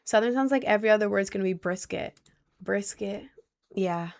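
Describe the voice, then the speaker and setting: A woman's voice: mid-range voice, fast talker, clear, resonant tone. A young woman livestreaming from home, chatting casually and answering viewer messages, rambling with lots of fillers. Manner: rambling with many likes and I don't knows.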